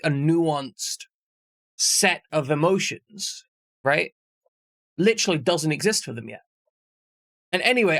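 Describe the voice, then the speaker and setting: A man's voice: fairly high pitch, pushed and bright, dry recording, studio quality. A man streaming live, chatting casually with viewers in a rambling, jokey way and swearing freely.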